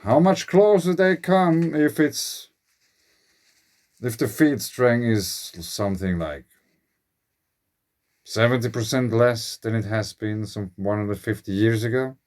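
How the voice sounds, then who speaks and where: His voice mid-range and a little mellow, a man with a Finnish accent speculates slowly in a reflective monologue as his channel's host. His English comes out a little unevenly phrased.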